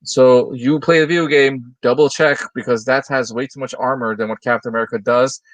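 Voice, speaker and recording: A man's voice: mid-range voice, steady tone, brisk, dry recording, rough recording. A man co-hosting a toy news livestream, talking casually and loosely with a lot of enthusiasm. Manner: chatty, enthusiastic, loose and rambling. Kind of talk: casual chat.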